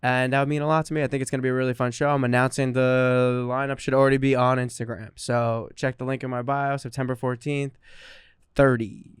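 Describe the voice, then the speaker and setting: Easygoing comedy podcast co-host, a man in his thirties with a smooth, resonant voice. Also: medium pitch, flat delivery, brisk, no echo, studio quality. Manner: laughs often, easygoing. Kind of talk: casual comedic chat.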